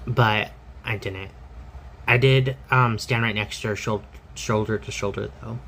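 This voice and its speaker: A man's voice: on the low side, fairly even intonation, unhurried, vocal fry, a bit bright, a little hiss or hum, rough recording. A man telling a personal story in a candid, rambling way, full of fillers and restarts.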